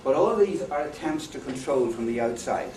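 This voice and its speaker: A man's voice: medium pitch, lively intonation, brisk, darkish tone. Man lecturing in an echoey hall. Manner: anecdotal, jokey, asks the audience questions. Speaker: conference speaker. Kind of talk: lecture to an audience. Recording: echoey hall, far from mic, faint noise.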